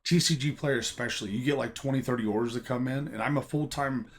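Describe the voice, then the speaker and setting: A man's voice: mid-range voice, fast talker. A man talking casually to camera about collecting and selling trading cards, emphatic and chatty, often checking in with "okay?". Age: adult teaching a college class. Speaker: Pokémon card collector and seller.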